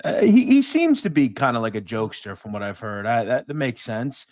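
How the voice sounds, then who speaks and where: A man hosting an interview, asking measured questions with short affirmations. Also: mid-range voice, wildly swooping pitch, a little mellow. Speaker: podcast host.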